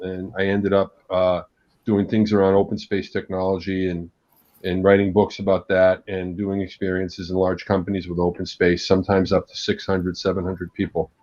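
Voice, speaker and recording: A man, a guest agile coach, telling an animated anecdote during a live panel talk. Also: low voice. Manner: animated, vivid anecdotal delivery. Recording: dull lo-fi sound.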